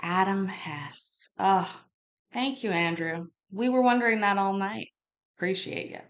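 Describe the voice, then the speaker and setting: A woman's voice: medium pitch, a little slow. A woman hosting a show, reacting to court footage with crude, sarcastic and mocking remarks in a casual way. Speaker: host commenting on court footage.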